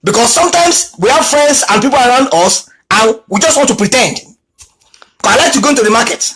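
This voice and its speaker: A man's voice: very high-pitched, lively intonation, brisk, fairly bright tone, low-quality recording. A middle-aged man preaching a sermon, telling stories and repeating key phrases for emphasis. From Nigeria. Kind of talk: sermon with storytelling.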